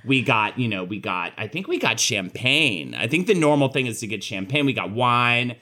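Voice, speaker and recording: A young adult man co-hosting a gossip podcast, goofy and excitable in casual chat. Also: medium pitch, normal speed. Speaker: podcast co-host.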